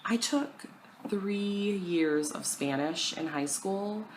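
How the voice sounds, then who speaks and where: A woman's voice: medium pitch, slow pace, a little hiss or hum, low-quality recording. A young woman chatting casually at home to her camera about her cross-stitch plans, self-deprecating and full of fillers.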